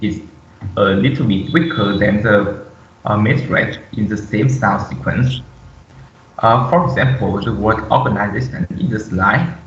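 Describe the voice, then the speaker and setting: A young man giving a class presentation, reading haltingly from slides with many fillers. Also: on the low side. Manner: halting, reads aloud with frequent "uh" fillers. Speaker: student presenter. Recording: echoey room, distant dull mic.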